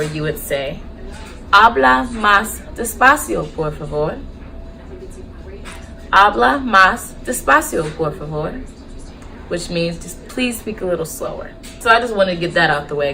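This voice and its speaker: A young adult woman, a nurse, hosting a casual teaching vlog in an upbeat, lively way, slowing down to model phrases. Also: lowish voice, a little hiss or hum, rough recording. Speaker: nurse and YouTube host.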